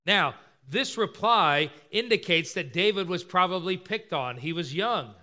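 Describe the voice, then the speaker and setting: A male preacher delivers an expository sermon in a high voice. His tone is bright and forceful. He retells scripture and briefly acts out its characters' lines. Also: animated, measured pace, few pauses.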